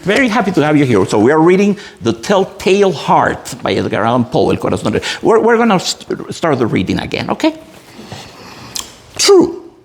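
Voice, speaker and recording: Gravelly guy teaching lit, reads aloud big and dramatic, pitch all over the place. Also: huge pitch swings, normal speed. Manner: theatrical, emphatic reading with wide swings. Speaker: literature teacher. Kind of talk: literature lesson with dramatic reading.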